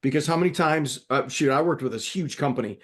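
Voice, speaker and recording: Male co-host, emphatic storyteller, loose and lively. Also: fairly high pitch, a little fast. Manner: animated storyteller, emphatic, many restarts. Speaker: podcast co-host. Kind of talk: conversational discussion.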